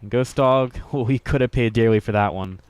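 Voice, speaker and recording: A man's voice: mid-range voice, brisk, a little mellow, clear, resonant tone, soft background music. A man giving upbeat, jokey play-by-play commentary on a video game match, chuckling often and poking fun at himself. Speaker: esports commentator.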